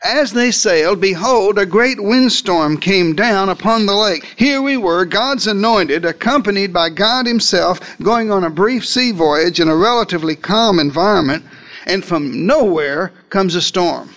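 A man preaching a dramatic sermon, telling the story in the first person with big swings in pitch and loudness. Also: measured pace.

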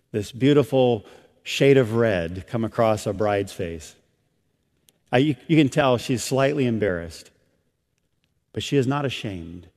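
A middle-aged man preaches a sermon in a reverberant church sanctuary. His voice sits at an ordinary pitch for a man. He climbs loud and high on key phrases, then sinks soft and slow. The long reverb of the hall trails behind every line. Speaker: pastor.

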